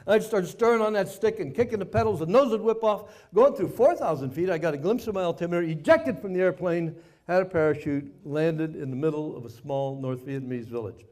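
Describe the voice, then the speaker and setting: A man's voice: on the high side, a little fast. Older man telling a vivid story. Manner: vivid, folksy, animated storyteller. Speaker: speaker, former POW. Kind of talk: dramatic personal storytelling talk.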